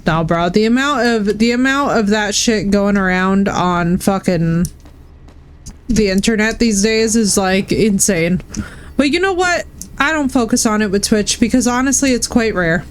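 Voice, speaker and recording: With a mid-range voice and lively intonation, a Twitch streamer talks unhurriedly to viewers while gaming, a little hiss or hum in the background. Candid and foul-mouthed, she keeps calling folks bro and dude.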